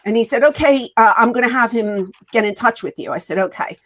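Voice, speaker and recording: Woman interview guest, higher-pitched, animated storyteller who voices the quotes. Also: brisk. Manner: animated, acts out quoted dialogue. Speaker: wrestling guest.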